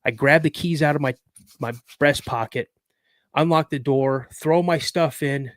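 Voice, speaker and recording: A man's voice: a little high, a little slow, dry recording, studio quality. A man in his fifties telling a personal story as a podcast guest, in a vivid, dramatic way. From United States. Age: 50s.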